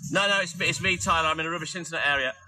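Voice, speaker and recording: A man's voice: on the high side, racing, bright, forceful tone, low-quality recording. Chatty North Welsh man, music behind. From North Wales. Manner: chatty, wry, answers commenters by name. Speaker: livestream host. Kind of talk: casual live chat with viewers.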